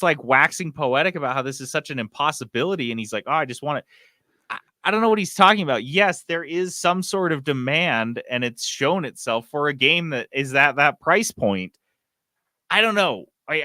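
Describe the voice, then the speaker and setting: Animated swearing man ranting. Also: on the high side, normal speed, no echo, studio quality. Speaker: podcast co-host. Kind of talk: casual chat.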